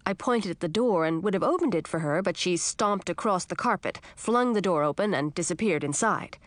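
Expressive woman reading a storybook. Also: lowish voice, a little fast, no echo. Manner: expressive first-person reading. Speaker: audiobook narrator. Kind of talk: storybook narration.

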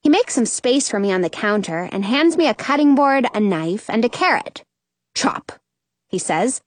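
A woman narrating a children's chapter book in an expressive, childlike first-person telling. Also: fairly high pitch, normal speed, no room sound. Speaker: audiobook narrator.

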